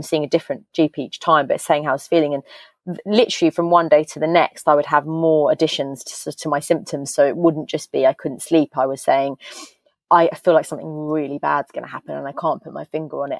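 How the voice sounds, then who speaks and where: A woman with a low voice tells her story candidly over a video call, her words tumbling out as she acts out the voices of the people she quotes. The sound is dry and close, with no room echo. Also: creaky, darkish tone. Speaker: podcast guest, author. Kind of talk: candid casual interview chat.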